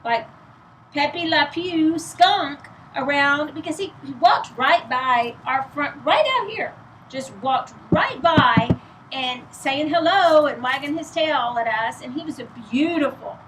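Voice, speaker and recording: Casual host, Texan woman, slightly high voice, ill and short of breath, talking loud and rambling over a noisy background. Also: animated, a little slow. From East Texas. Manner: speaking loudly to carry, chatty and rambling. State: weak voice from illness, out of breath. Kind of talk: casual chat to camera.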